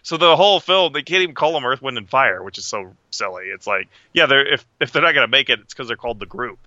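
A man chatting casually and opinionatedly about films, rambling and sometimes shouting impressions. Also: mid-range voice, animated, quick pace, no echo. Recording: dry, dull lo-fi sound.

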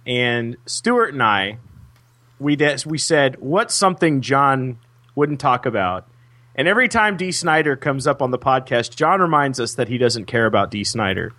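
A man's voice: mid-range voice, big pitch swings, normal speed, bright, forceful tone. A man co-hosting a comedy podcast in casual chat, joking and laughing as he teases. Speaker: podcast co-host.

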